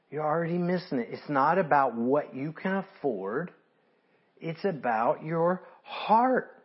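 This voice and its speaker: A man preaching a conversational sermon, moving between quiet explanation and emphatic points and acting out everyday givers. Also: a little high, husky. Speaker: pastor. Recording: dull lo-fi sermon audio.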